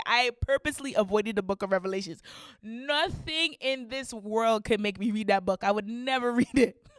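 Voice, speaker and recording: A young woman co-hosting a podcast, telling a story in a casual, animated way, laughing and acting out voices as she goes. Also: a little high, dry recording, studio quality. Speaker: podcast co-host.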